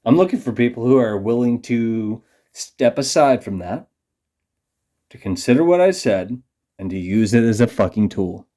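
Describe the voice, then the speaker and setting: An angry vlogger rants to camera in a profane, condescending monologue, swearing constantly and scolding his audience. His mid-range voice sinks to low muttering, then bursts out loud, with lively intonation at a moderate pace.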